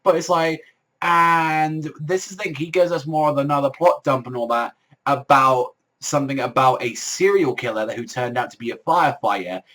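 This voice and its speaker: A man's voice: mid-range voice, normal speed, a bit bright. A young man casually reviewing a manga chapter, rambling with heavy swearing and constant filler words.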